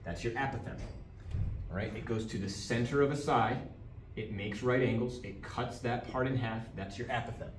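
A man's voice: mid-range voice, normal speed. A man teaching a geometry lesson in a classroom, repeating key terms and checking in with "all right?". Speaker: math teacher. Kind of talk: classroom lecture. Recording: roomy, distant from mic, faint background noise.

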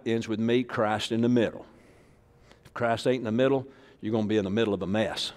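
Folksy preacher in an echoing church. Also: male voice, lowish voice, brisk, a little mellow. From Arkansas. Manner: folksy, joking, call-and-response preaching. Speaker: pastor. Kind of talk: sermon. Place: church sanctuary. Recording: echoey church hall.

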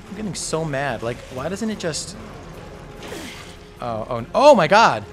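A man giving panicky, excitable commentary while playing a video game, talking to himself and cheering out loud. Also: a little high, unhurried, long pauses, over loud music. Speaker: gameplay streamer. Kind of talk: live gameplay commentary.

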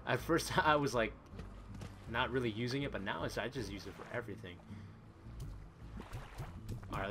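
Excitable male gamer over game music. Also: mid-range voice. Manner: excitable, chatty, thinking aloud with frequent exclamations. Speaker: let's play gamer. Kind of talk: live gaming commentary.

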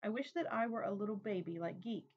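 A woman reading a memoir aloud in a steady, plain, unhurried way. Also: medium pitch, breathy edge. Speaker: reader. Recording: dull lo-fi recording.

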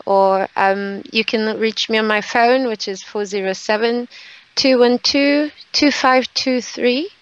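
Slow, smooth-voiced woman evangelist. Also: fairly high pitch, no echo, muffled recording. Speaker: evangelist guest. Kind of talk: casual talk show chat.

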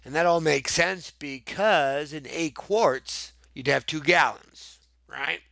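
A man's voice: on the high side, slow, creaky, sharp tone, no room sound. A man teaching a math lesson for children in a playful, chatty way, with sing-song exclamations and little jokes.

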